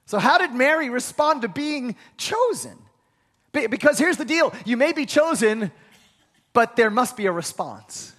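A man's voice: extremely high pitch, sing-song, unhurried, fairly bright tone. A man preaching a sermon as pastor, emphatic and stumbling over repeated words as he starts sentences.

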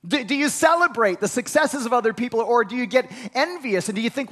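A male pastor delivers a sermon in a noticeably high voice. He speaks emphatically, often repeating the first word of a sentence before pushing on. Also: lively intonation, fast, a bit bright. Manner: emphatic, repeats words when starting sentences.

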